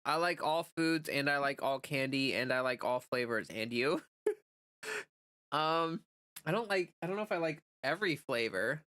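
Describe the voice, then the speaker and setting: A woman's voice: low-pitched, expressive, moderate pace, a bit bright, dry recording. A woman streamer in casual live chat, answering chat messages in a chatty way with lots of "like" fillers.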